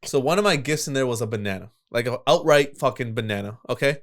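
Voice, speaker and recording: A young man co-hosting a podcast in casual chat, animated, laughing often and swearing freely. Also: mid-range voice, fast talker. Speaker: podcast co-host.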